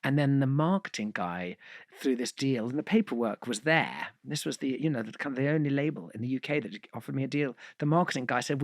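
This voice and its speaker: A man of middle pitch tells his story as a podcast guest, with no room sound around his voice at all. He rambles along in a self-deprecating way, trailing into fillers and restarting his sentences. The tone is relaxed and conversational, like an easy anecdote. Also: a little fast, dry recording, studio quality.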